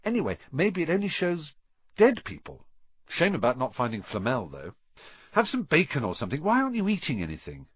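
Man putting on a blunt excited kid, swoopy voice, husky, kinda muffled. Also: a little high, a little fast, no echo, pitched above the performer's own voice, full character voice. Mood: offhand. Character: blunt, excitable red-haired schoolboy. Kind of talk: audiobook character reading.

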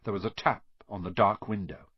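A man's voice: fairly low pitch, steady tone, a little fast, slightly rough, dry recording. A man reading a children's storybook aloud, narrating expressively and voicing each character. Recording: dull dry recording.

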